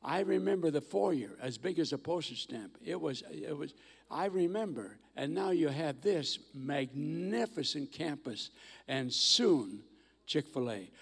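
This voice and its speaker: A man's voice: medium pitch, animated, unhurried, gravelly, slight background noise. An older man in his eighties, a guest preacher giving a folksy, humorous sermon with stories in a large church sanctuary. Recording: long church hall reverb.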